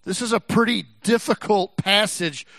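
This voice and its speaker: A man's voice: high-pitched, moderate pace, fairly bright tone, no room sound. A man from Texas preaching a sermon in a folksy, rambling way, with frequent restarts and asides. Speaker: pastor.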